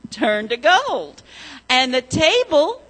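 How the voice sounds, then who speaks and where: A woman leading a children's sermon, telling a story gently and asking the children questions. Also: sits high, very animated, slow pace, rough recording.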